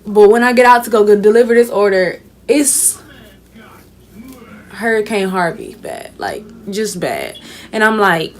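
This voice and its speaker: A woman's voice: mid-range voice, animated, unhurried, a little mellow. A young woman, casually telling a swear-filled story in her vlog and acting out the people in it. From Houston, Texas. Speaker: vlogger. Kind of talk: casual storytime while taking down braids.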